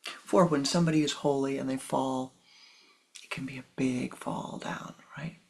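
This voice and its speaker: Spiritual teacher, sermon storytelling, soft half-whispered delivery, gravelly texture. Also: mid-range voice, fairly even intonation, poor audio. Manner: slow, soft, partly whispered.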